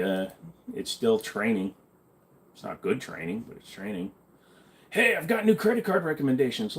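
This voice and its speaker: Blunt, offhand man hosting a stream. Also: mid-range voice. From Canada. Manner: offhand, blunt, swears casually. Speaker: livestream host reading chat. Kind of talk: casual livestream chat.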